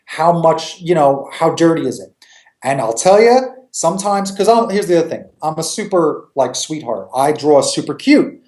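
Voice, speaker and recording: Man from New York, comic creator interview guest, animated and joking, roomy reverb. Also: fairly high pitch, normal speed. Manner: animated, joking, swears freely. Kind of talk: casual interview chat.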